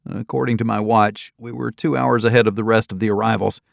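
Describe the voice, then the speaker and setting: Gravelly low-voiced male audiobook narrator. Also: fairly even intonation, fairly quick, dry recording, clean studio sound. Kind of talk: first-person thriller narration.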